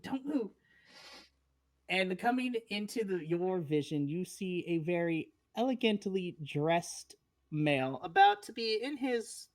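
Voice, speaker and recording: A woman narrating a tabletop role-playing scene as game master in a casual, descriptive way with many fillers. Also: on the low side.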